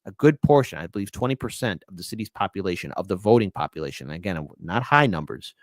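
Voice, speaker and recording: A man's voice: low-pitched, expressive, fast, no room sound, clean studio sound. A man co-hosting a casual podcast, talking animatedly and slipping into mocking voices as he riffs. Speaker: guest co-host.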